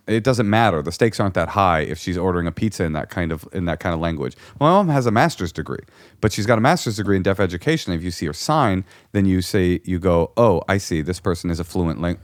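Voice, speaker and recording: A man with a low voice tells a long story in casual chat, jumping into the voices of the people he describes. The sound is close and dry, with no room behind it. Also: fairly quick, no room sound. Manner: animated storyteller, acts out voices. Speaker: guest comedian.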